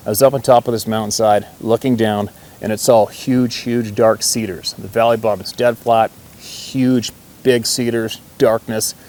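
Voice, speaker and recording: A man's voice: fairly low pitch, fairly even intonation, normal speed, a little mellow. A man telling a hunting story in a rambling, folksy way, swearing casually and chuckling often. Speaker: hunter.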